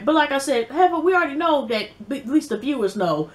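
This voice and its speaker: A woman reviewing a TV episode in casual chat, animated and profane, acting out the scenes as she goes. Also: sits high, normal speed. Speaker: TV show reviewer.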